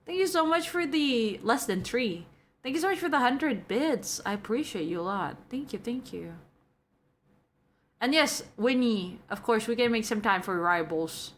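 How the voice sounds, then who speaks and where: A young woman streamer chatting casually with her viewers and reading the chat, giggly and chatty, going from soft to excited. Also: on the high side, moderate pace.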